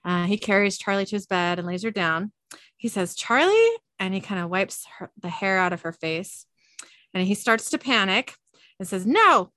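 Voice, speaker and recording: A woman hosts a podcast and recaps an episode in a casual, chatty way, breaking off for laughing asides. Her voice sits at a middling pitch. The sound is dry and close, with no room around it. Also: fairly even intonation, moderate pace, pushed and bright, no room sound. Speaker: podcast host.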